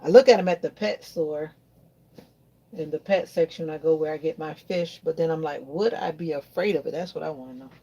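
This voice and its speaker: A woman's voice: sits low, brisk, dark tone, breathy edge. Chatty woman vlogging at home. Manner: chatty, rambling, talks to viewers. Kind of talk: casual chat while doing chores. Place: home in Florida.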